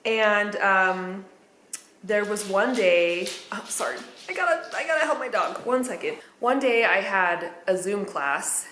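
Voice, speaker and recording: A woman's voice: medium pitch, animated, measured pace, fairly bright tone, slight background noise. Woman vlogger, candid chatty talk, lots of fillers, echoey room. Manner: candid, chatty, with nervous laughs and many fillers. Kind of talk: casual personal account.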